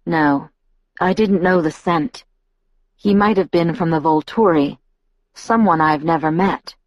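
A woman's voice: deep voice, measured pace, no echo, lo-fi sound. A woman voicing a tense, short-tempered young man who speaks in clipped, controlled lines, in an audiobook reading.

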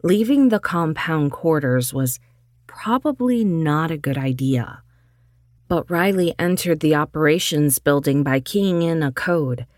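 Low, slow woman narrating an audiobook. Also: no echo, clean studio sound. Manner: measured, steady reading.

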